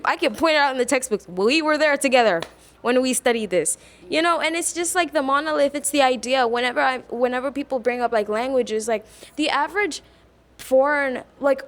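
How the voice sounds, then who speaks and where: A teenage student from South Africa reflects on a trip in a candid, lively way. Her voice sits a little high, and her talk is full of "like" and "you know". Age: teens. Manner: lively, talks fast with many likes and you knows.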